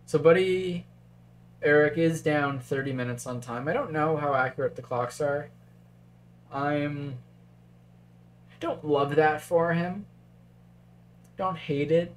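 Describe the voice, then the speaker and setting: A man's voice: fairly high pitch, takes it slowly, long pauses, a little hiss or hum. Chatty male chess stream commentator. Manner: chatty, thinks aloud, reads chat. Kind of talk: casual live-stream commentary.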